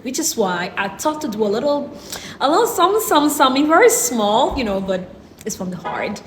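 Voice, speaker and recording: A young woman speaks straight to her viewers in a vlog, earnest and thankful, circling back to say thanks again and again. Her voice sits at an ordinary middle pitch. A faint hiss of background noise runs under the recording. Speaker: vlogger. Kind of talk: heartfelt vlog talk to viewers. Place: in China.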